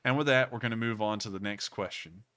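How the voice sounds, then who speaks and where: Earnest sounding streamer, crisp dry voice. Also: male voice, on the low side, fast talker, bright, forceful tone, dry recording. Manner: earnest, rambling, thankful, repeats himself. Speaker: livestream news host. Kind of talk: casual livestream chat.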